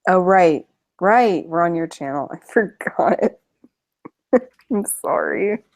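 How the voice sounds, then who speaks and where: A woman's voice: lowish voice, animated, takes it slowly. Wry teasing woman in a chat. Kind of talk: casual chat.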